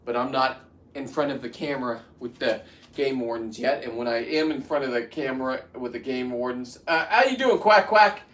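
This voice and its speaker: A man's voice: mid-range voice, fairly even intonation, a little fast. Fifties guy rambling at the camera while he works, restarts a lot, echoey room, mic kinda far. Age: 50s. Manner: rambling, restarts, heats up into ranting. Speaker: vlogger. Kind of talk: casual talk to camera while working.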